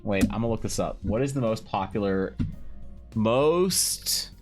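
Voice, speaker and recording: A man's voice: on the low side, expressive, a little slow, faint music behind. A man streaming while painting, trading crude joking banter with his chat. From Canada. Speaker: art streamer. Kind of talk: casual livestream chat.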